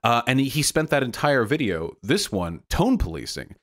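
A man giving heated livestream commentary, animated and mocking, with frequent fillers. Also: medium pitch, normal speed. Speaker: streamer.

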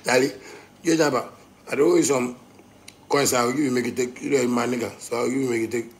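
A man from Ghana with a Ghanaian Pidgin English accent, ranting angrily, swinging between shouting and low muttering. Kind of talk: angry rant.

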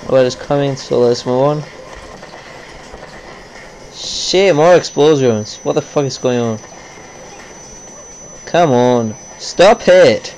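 A man talks slowly over his own gameplay in a mid-pitched voice, cursing and grumbling as he plays. His has a ring. A faint noise hangs under the recording. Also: a little mellow, poor audio. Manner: cursing, grumbling running commentary. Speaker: gameplay commentator. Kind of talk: live gameplay commentary.

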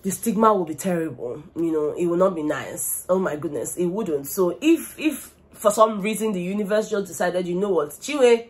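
A young woman with a Nigerian accent giving gossipy, animated commentary on a reality show, slipping into Pidgin. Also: lowish voice, normal speed, few pauses. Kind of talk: casual vlog commentary.

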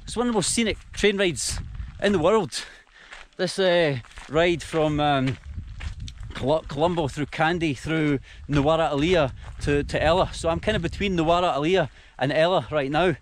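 A man's voice: on the high side, moderate pace. Young Scottish man, self-mocking travel vlogger, chatty to a handheld camera outdoors, light noise. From Scotland. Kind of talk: casual vlog to camera. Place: outdoors, countryside by rail tracks. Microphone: handheld action camera.

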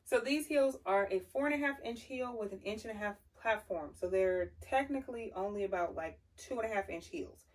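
A woman giving a casual, lively tutorial, chatty and sassy as she demonstrates while walking around a carpeted room. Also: medium pitch, brisk, few pauses. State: slightly out of breath. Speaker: style vlogger teaching heel walking. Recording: voice from a distance.

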